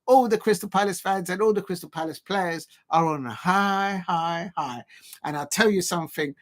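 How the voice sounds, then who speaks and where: A man's voice: sits high, normal speed. A man hosting a live fan stream, talking in mocking banter and breaking into chants and jeering noises. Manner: mocking, banter-heavy, chants and sings snippets. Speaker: fan channel host.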